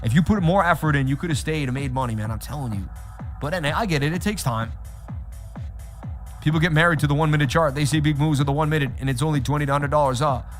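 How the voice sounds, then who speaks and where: A man hosting a live trading stream, talking straight to his chat in an animated, repetitive way. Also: on the high side, fast talker, soft background music. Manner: animated, repeats himself, talks straight to chat. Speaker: livestream host. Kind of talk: casual livestream chat.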